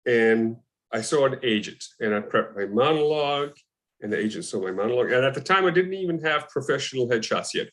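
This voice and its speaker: An actor being interviewed, a man telling lively anecdotes in casual conversation and acting out what other people said. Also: medium pitch, fairly quick. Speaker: actor guest.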